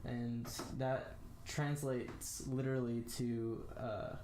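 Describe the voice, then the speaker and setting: A man's voice: medium pitch, little pitch movement, warm tone, slight background noise. Young man teaching phrases, echoey room. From United States. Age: young adult. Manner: slow, careful demonstration of phrases with frequent fillers. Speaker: language tutor. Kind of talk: casual spoken language lesson.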